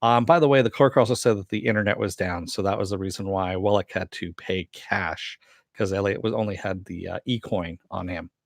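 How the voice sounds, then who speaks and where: Guy with a lowish voice rambling thru a show recap, lots of uhs, dry close sound. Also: creaky, dry recording. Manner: rambling, halting with many fillers and restarts; acts out quoted lines with raised pitch. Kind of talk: casual episode recap with chat replies.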